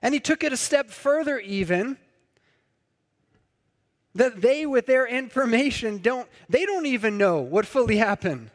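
A man's voice: very high-pitched, lively intonation, a little slow. A man preaching a conversational sermon, sometimes acting out the people in his story. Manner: conversational, acts out quoted voices. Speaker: pastor. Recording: long hall reverb.

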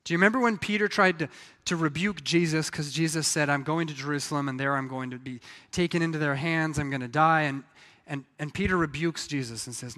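Speaking briskly in a slightly high voice, a pastor delivers a sermon in a large hall. He narrates the story with liveliness and performs the voices of the people in it.

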